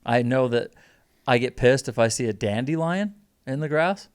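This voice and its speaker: A male podcast co-host with a smooth, resonant voice. He chats casually and pokes fun at himself. His pitch rises and falls freely as he goes. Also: moderate pace. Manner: self-deprecating, jokey, animated. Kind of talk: casual banter.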